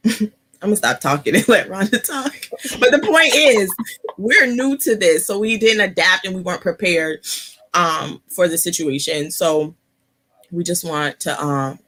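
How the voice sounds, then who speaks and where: A woman hosting a casual live-stream chat, talking softly because of an ear infection, laughing and chatty, sitting close to her computer mic. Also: deep voice. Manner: chatty, laughing asides, many fillers. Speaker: host.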